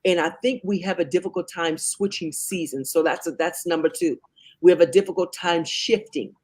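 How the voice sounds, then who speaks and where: A man's voice: fairly high pitch, normal speed. A man co-hosting a faith talk show. He gives Bible teaching point by point, with frequent restarts. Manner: counts off points, many restarts and fillers. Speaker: co-host.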